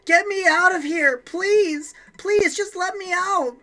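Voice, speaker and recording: A man voicing a panicked young woman, screaming and pleading frantically in a high voice. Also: slow, pushed and bright, heavily acted. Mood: frantic screaming. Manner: shrill, frantic, desperate pleading.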